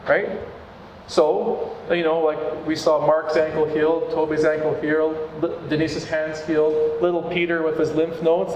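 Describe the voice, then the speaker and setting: A man's voice: a little high, darkish tone, slight background noise. A male pastor giving a sermon in a church, in an earnest, conversational preaching manner. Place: church hall. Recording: echoey hall with room ambience.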